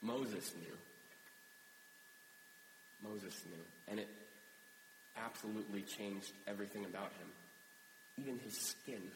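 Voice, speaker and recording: A man preaching a sermon as a pastor, conversational and animated when he tells a story. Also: on the low side, normal speed, long pauses. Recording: echoey hall with hum.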